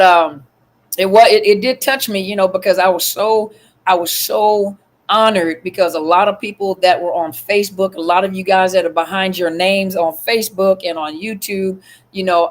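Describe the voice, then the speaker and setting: A woman talks casually into her phone on a livestream. She greets viewers one by one and keeps up a loose, chatty flow full of fillers. Her voice sits at an average pitch. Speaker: livestream host.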